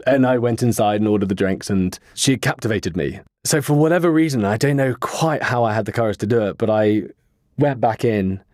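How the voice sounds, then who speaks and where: A man guest on a podcast, earnestly telling a personal story in a rambling way with pauses and fillers. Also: lowish voice, darkish tone, no room sound, clean studio sound. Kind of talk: casual interview storytelling.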